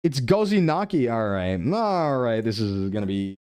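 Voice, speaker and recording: A young adult man streaming a game live, chatting playfully with his chat and thinking his guesses out loud. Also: medium pitch, sing-song, normal speed, smooth, dry recording, clean studio sound. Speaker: VTuber streamer. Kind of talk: live-stream gameplay commentary.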